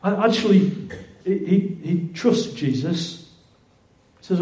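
A man's voice: high-pitched, animated, slow, darkish tone. A man preaching a sermon in a conversational way, often repeating words and restarting phrases. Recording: roomy echoing hall.

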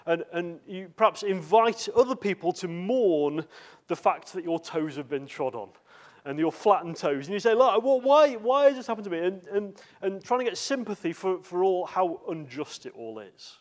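A man's voice: sits high, lively intonation, normal speed. A man giving a sermon in a church, talking conversationally with asides and filler words. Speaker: preacher.

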